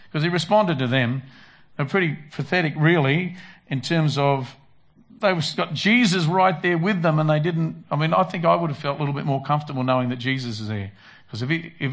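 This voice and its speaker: A man's voice: mid-range voice, a bit bright. Male pastor, mid-range voice, conversational sermon delivery. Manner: conversational, acts out quoted prayers and disciples.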